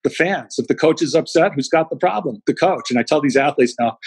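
A middle-aged man, a guest speaker, telling animated anecdotes in an interview and acting out the quotes. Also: fairly high pitch, brisk, husky, no echo, rough recording. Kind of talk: storytelling in an interview.

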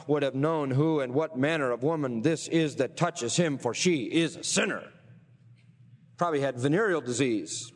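A man preaching a sermon, reading scripture aloud and pausing to quiz his listeners with rhetorical questions. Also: fairly high pitch, in a large hall. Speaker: pastor.

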